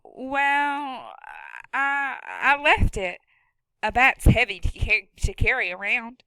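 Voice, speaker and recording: A scared, injured boy who stammers his answers in a high, strained voice, as a woman narrator puts him on. Bright and close, in a dry booth. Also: big pitch swings, slow pace, smooth, no room sound, full character voice, low-quality recording. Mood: faltering.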